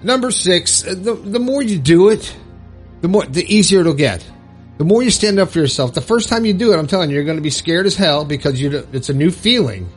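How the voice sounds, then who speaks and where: A man's voice: high voice, expressive, a little fast, soft background music. A man giving earnest motivational advice, coaching listeners step by step and checking in with them often. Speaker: self-help video host.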